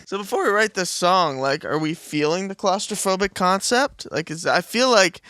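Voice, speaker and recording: A man's voice: sits high, animated, moderate pace, bright, forceful tone, smooth, no room sound, studio quality. A male host chatting casually and joking about writing a song. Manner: laid-back, joking. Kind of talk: casual chat.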